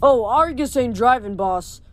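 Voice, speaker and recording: A woman's voice: on the high side, animated, unhurried, faint music behind. A woman voicing a chatty, cheeky male flying horse who blurts out whatever he thinks. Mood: eager. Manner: eager, blurting, easily alarmed.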